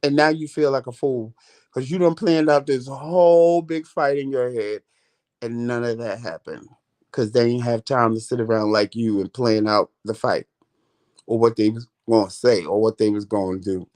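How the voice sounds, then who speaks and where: A man talks things through in a loose, chatty vlog style. His voice sits at an ordinary middle pitch, and he rambles comfortably as he gives down-to-earth advice. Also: moderate pace. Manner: relaxed, talkative, Southern US vernacular. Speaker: vlog host. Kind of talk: casual chat.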